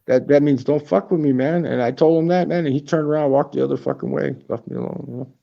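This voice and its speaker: Gravelly, profane man chatting on a livestream. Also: on the high side, fast talker, warm tone, lo-fi sound. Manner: profane, rambling storytelling. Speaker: livestream host. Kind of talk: casual chat. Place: apartment.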